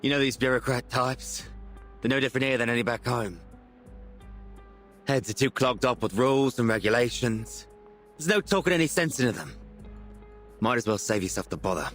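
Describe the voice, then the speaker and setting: A man's voice: medium pitch, expressive, moderate pace, long pauses, fairly bright tone, faint music behind, close to an everyday voice. A man voicing a world-weary male soldier who mutters dismissively while reading game dialogue aloud.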